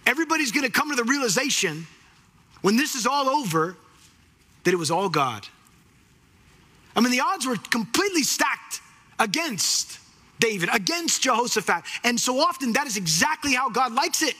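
A man preaching a sermon with a husky voice, animated and acting out the voices of the people in the story. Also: very high voice, normal speed.

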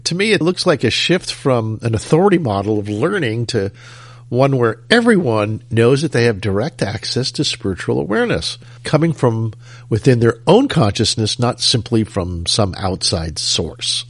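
A man's voice: medium pitch, sing-song, normal speed, no echo. A man hosting a talk radio show, speaking in an easygoing way and chuckling between thoughts.

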